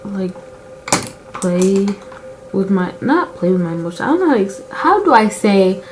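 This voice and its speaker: A woman's voice: medium pitch, very animated, normal speed, background noise. A girl in her late teens chatting casually while doing her makeup, rambling and confessional, with lots of "like" fillers. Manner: candid and emotional about her feelings. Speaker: beauty vlogger.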